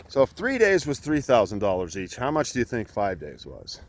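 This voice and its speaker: A man's voice: mid-range voice, very animated, fairly quick, hardly any pauses. A middle-aged man, a coach, telling a heated story in blunt, profane talk while out on a walk. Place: outdoors by a road.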